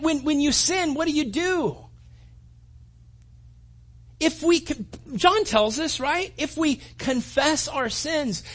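A man preaching a conversational sermon, animated and full of restarts and acted-out asides. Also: extremely high pitch. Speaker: pastor.

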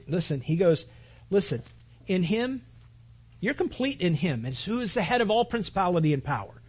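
A man preaching a sermon as a pastor, earnest, repeating his phrases and building to loud emphatic peaks. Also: high voice, sing-song, normal speed, pauses often, husky.

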